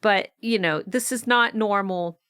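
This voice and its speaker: A woman from the United States co-hosting a podcast in casual chat, talking in quick restarts. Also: medium pitch, fairly bright tone, clear, resonant tone, no echo, studio quality. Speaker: podcast co-host.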